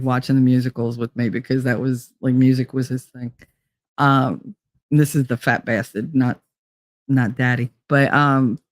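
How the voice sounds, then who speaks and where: A woman's voice: low voice, no echo, studio quality. A woman in her forties hosting a casual live-chat show, chatty and teasing, laughing often as she reads comments. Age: 40s. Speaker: host.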